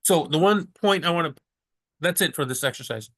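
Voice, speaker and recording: A man teaching Spanish in a casual way, chatty and correcting himself, who slows down to sound out each Spanish word. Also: on the high side, animated, a bit bright. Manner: chatty, self-correcting, laughs at his slips. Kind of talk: casual screen-share lesson.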